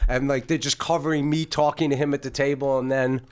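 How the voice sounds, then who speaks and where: Animated storytelling man, profane. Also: medium pitch, a little fast, clean tone. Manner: animated, profane, acts out quoted voices. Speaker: podcast host. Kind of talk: casual storytelling chat.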